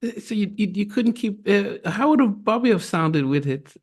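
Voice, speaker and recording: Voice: mid-range voice, big pitch swings, measured pace, darkish tone, slightly rough. An interviewer in casual chat, reacting with short remarks and laughter.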